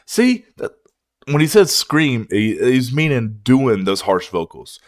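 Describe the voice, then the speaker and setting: A man's voice: mid-range voice, very animated, slow, no echo, clean studio sound. A man hosting a music reaction video, ranting in a casual, profane way.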